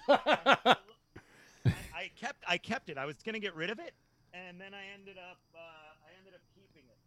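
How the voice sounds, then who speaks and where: A man from Hampton Roads in Virginia, a guest on a casual podcast chat, talking in an excitable, rambling way with frequent laughs and restarts. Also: sits high, normal speed.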